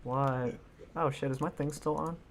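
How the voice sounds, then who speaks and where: A woman's voice: very deep voice, steady tone, a little slow. A young woman chatting and telling jokey stories while streaming a building game, swearing freely. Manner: joking, swearing, storytelling. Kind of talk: casual live-stream chat. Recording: keyboard typing noise.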